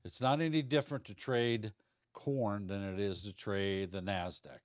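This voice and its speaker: Man, middle-aged, low voice, dry close sound, folksy rambling trading lesson. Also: fairly even intonation, a little slow, no echo. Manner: rambling, folksy, stumbles over words. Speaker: trading instructor. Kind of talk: casual livestream lesson.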